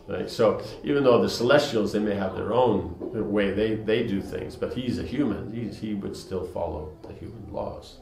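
A man's voice: lowish voice, moderate pace, creaky, hardly any pauses, darkish tone, reverberant, poor audio. A man reading a scripture story aloud and explaining it in a conversational way, with lots of fillers. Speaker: storyteller and teacher.

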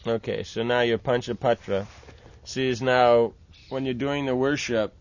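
In dull-sounding audio, a man gives instructional talk on temple worship, explaining the ritual's steps patiently and often asking "right?". He speaks a little slowly at a medium pitch with fairly even intonation.

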